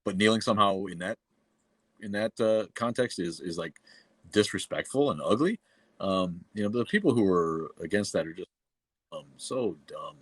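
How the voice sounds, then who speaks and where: A middle-aged man from New England with a New England accent, talking in a very low voice. He hosts a casual livestream, speaking bluntly and profanely with many fillers and restarts. The sound is dry and close. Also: lively intonation, normal speed, slightly rough, no room sound. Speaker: livestream host.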